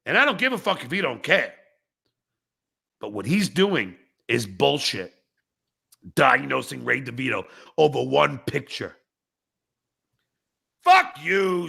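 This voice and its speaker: Brief: male podcast host, furious profane livestream rant, gravelly, bright edge, voice swings wide. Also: fairly high pitch. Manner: angry, profane, bursts into shouting; reads viewer chats aloud with mocking replies. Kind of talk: livestream rant at chat commenters.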